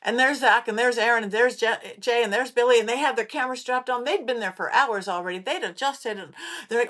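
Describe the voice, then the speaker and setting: Female podcast host, psychic medium, lively anecdotal storyteller who acts out voices. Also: fairly high pitch, fairly quick. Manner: animated, acts out quoted voices. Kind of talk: casual spooky storytelling.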